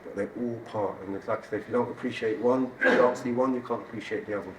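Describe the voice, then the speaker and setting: A man sharing a personal story on stage at an event, animated and laughing as he talks. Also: medium pitch, fast talker. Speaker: event speaker. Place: event hall. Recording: roomy hall audio from a distance, audience noise.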